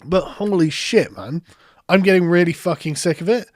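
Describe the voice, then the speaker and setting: High-voiced ranting man, dry sound. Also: moderate pace, dry recording. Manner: sarcastic, swearing, mocking voices of opponents. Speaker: political commentator. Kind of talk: ranting commentary.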